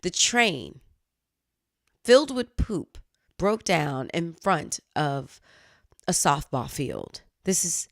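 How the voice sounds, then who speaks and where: Female news-commentary host, animated and chatty, lively swings in pitch. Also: slow pace, vocal fry, pauses often, no echo, studio quality. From United States. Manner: animated, chatty, exclaims and laughs at herself.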